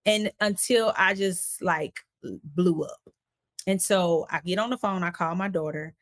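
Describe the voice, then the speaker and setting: A woman, an interview guest, recounting a personal story in a casual, animated way and acting out the voices of the people in it. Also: lowish voice, unhurried. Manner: animated, acts out quoted voices while recounting events; casual, conversational phrasing.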